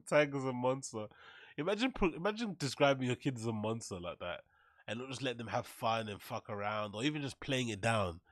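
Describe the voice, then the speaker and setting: A man's voice: mid-range voice, lively intonation, moderate pace, no echo. Guy ranting sarcastic about a clip, swears a ton, dry close sound. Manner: mocking, sarcastic, swears a lot. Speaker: commentary show host. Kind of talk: reaction commentary.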